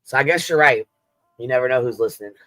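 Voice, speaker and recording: Laid-back sweary guy hosting a stream, bright tense voice, dry close mic. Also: medium pitch, fast talker, dry recording. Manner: laid-back and heavily profane. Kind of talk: casual livestream chat.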